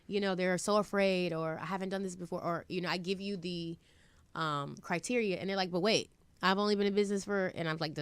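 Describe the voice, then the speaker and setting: Animated woman, lively storyteller. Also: lowish voice, brisk, clear, resonant tone, no echo. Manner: animated, acts out quoted voices. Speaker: guest, trucking entrepreneur. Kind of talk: casual interview chat.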